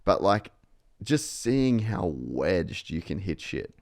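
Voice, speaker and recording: Podcast host, very deep gravelly male voice, relaxed and slangy, dry sound. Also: slow, dry recording. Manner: laid-back, slangy, says "dude" and "bro". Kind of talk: casual podcast conversation.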